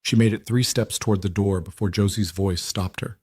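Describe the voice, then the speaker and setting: Low-voiced male audiobook narrator. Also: normal speed, darkish tone, slightly rough, no room sound, clean studio sound. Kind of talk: scripted narration.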